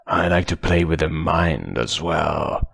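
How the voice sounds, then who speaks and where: A man voicing a cruel armored male villain in an audiobook, speaking in a slow, whispery, sing-song taunt. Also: very deep voice, creaky, fairly bright tone, no room sound, full character voice. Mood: menacing.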